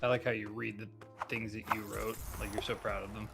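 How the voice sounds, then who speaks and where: Teasing, gravelly voice on a stream chat. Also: mid-range voice, little pitch movement, fairly quick, music in the background. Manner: teasing, quizzical, sarcastic. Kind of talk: casual chat with friends.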